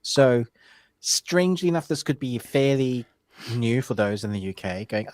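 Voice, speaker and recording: A man's voice: medium pitch, expressive, moderate pace, a little mellow, no echo. A man from the UK co-hosting a live movie chat, playfully contrary and opinionated. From United Kingdom. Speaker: movie podcast co-host.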